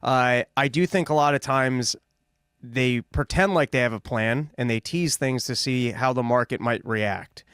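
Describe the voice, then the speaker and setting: A man co-hosting a podcast, speculating on politics in a measured, casual way. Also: mid-range voice, fairly bright tone, clear, resonant tone, no room sound, studio quality. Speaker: podcast co-host.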